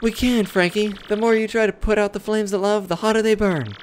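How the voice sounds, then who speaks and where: A man's voice: high-pitched, fairly quick, slight background noise, natural voice. A man voicing a lovestruck, melodramatic young female tree-creature who pleads and swoons. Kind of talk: reading game dialogue in character.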